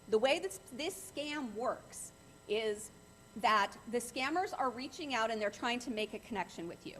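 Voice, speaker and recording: Middle-aged woman, guest speaker at a club talk, earnest, repeats for emphasis, light noise in the room. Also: a little high.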